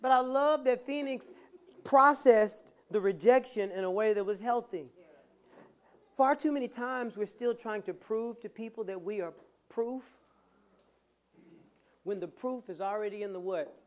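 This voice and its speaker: A preacher giving a motivational sermon with playful humor, swinging from soft asides to loud, emphatic lines. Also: mid-range voice, unhurried, long pauses.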